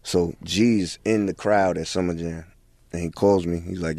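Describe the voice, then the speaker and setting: A man's voice: low voice, fairly even intonation, a little slow, vocal fry, a little mellow, no room sound. A man in his forties, a guest in a casual interview, talking in a laid-back way with lots of filler phrases. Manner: laid-back, many "you know what I'm saying" fillers. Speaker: guest rapper.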